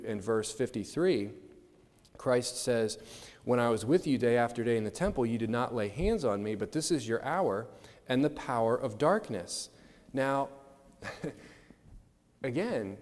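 A man's voice: medium pitch, a little mellow. A man preaching a sermon in a conversational way, acting out the voices of the people he quotes. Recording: long hall reverb.

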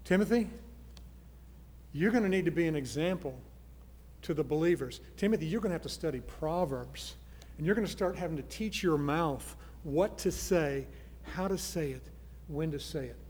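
A man preaching a sermon, earnest, moving from soft pleading to loud emphasis. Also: fairly high pitch, animated, normal speed, in a large hall. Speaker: pastor.

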